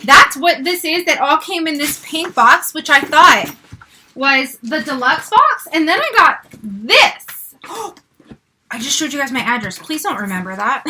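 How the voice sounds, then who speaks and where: A woman's voice: high voice, very animated, a little slow, sharp tone, slight background noise. Gasping, squealing woman in her forties. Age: 40s. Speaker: vlogger. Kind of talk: unboxing vlog.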